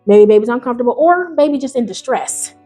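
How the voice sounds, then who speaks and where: A woman hosting a video, reading online stories aloud and reacting in animated, slangy, casual talk, jumping between loud high bursts and low mutters. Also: a little fast, soft background music. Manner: animated, slangy, talks back to the story. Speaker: YouTube host.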